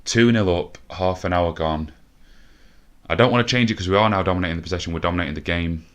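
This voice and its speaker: Deep-voiced breathless man commentating a game. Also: quick pace. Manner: swears a lot, shouts when excited. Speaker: gaming commentator. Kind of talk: live video game commentary.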